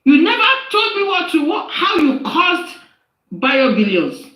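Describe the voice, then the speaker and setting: Woman going off on someone, high swooping voice, keeps repeating herself, echoey room. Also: big pitch swings, unhurried, fairly bright tone. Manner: scolding, repeats lines for emphasis, rhetorical questions. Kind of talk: angry live-stream rant. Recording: echoey live-stream audio.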